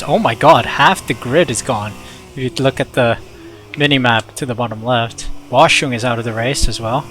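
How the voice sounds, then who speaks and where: Chatty young man commenting on gameplay. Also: medium pitch. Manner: chatty, excitable reactions. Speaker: gaming YouTuber.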